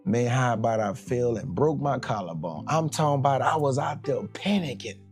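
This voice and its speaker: Gravelly, animated male preacher. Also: medium pitch, moderate pace, soft background music. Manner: animated, dramatic storyteller acting out scenes; colloquial, conversational preaching. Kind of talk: sermon storytelling.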